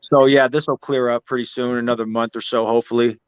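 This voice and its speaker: A man's voice: medium pitch, little pitch movement, fast talker, smooth, no echo, muffled recording. A man chatting as a guest from outdoors in the cold, laid-back and sweary, with "you know what I mean" in many of his lines. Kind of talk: casual chat.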